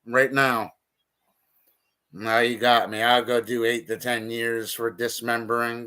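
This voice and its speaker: A man's voice: medium pitch, level tone, unhurried, sharp tone, smooth. A man streaming a casual monologue, talking bluntly and profanely with heated outbursts.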